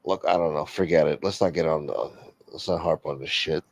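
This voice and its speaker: Over dull, lo-fi stream audio, a middle-aged man hosting a livestream rumbles along in a low voice at a fairly quick pace. He rambles casually, griping and swearing often.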